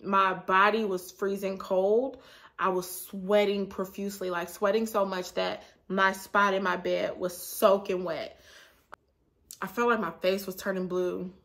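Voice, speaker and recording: Woman, sore throat, animated casual vlog chat, laughs often. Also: mid-range voice, a little slow. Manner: animated, laughs often, acts out her own reactions. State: sore throat after a cold. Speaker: vlogger.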